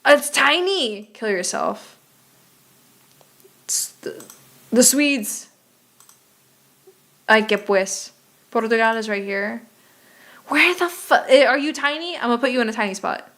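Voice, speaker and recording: Young woman streamer, higher voice, unhurried delivery, casual swearing, exasperated muttering. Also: animated, fairly bright tone. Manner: profane, exasperated muttering while playing. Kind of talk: casual game stream chat.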